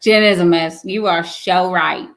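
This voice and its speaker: A woman's voice: lowish voice, measured pace, creaky, a bit bright. A young woman, hosting a casual live chat and teasing her viewers with lots of laughter. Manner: playful, teasing, laughs often. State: pregnant. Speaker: livestream host reading chat.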